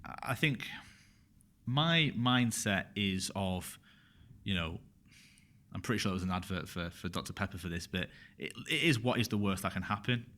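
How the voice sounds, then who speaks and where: A man with a low voice, a guest on a casual podcast. He speaks openly and with feeling, hammering his points home by repeating them. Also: moderate pace, slight background noise. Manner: frank, animated, repeats phrases for emphasis. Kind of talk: casual conversational interview.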